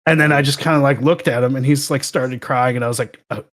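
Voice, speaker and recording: A young man, a podcast guest, telling work stories in a sarcastic, animated way during a casual chat. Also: medium pitch, quick pace.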